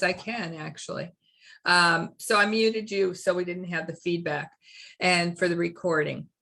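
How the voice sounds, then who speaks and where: Middle-aged lady hosting a workshop over a call, slow earnest storytelling, kinda gravelly low voice. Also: a bit bright. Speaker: spiritual workshop host. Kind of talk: personal storytelling to a workshop group.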